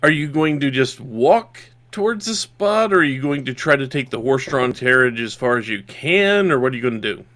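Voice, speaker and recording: A man's voice: medium pitch, lively intonation, a little fast, hardly any pauses, fairly bright tone. A man from Yorkshire narrating a tabletop game as game master, describing scenes and checking rules aloud.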